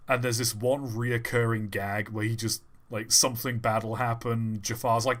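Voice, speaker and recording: A young man chatting casually on a livestream, rambling and enthusiastic and often breaking off mid-thought. His pitch and pace sit right in the middle. He talks into a desk microphone. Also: little pitch movement, normal speed, few pauses. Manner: rambling, enthusiastic, self-interrupting. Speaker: livestream co-host.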